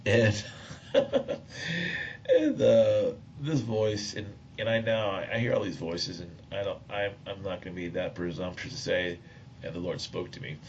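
A man's voice: fairly low pitch, measured pace. A man preaching, telling a rambling personal story, often searching for words and chuckling. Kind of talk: sermon storytelling. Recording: dull lo-fi recording with faint noise.

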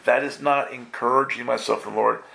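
Gravelly, bright-voiced New preacher. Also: male voice, mid-range voice, fairly even intonation, a little fast, a little hiss or hum. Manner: playful, acts out voices, quizzes the congregation. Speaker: pastor. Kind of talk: lively live sermon.

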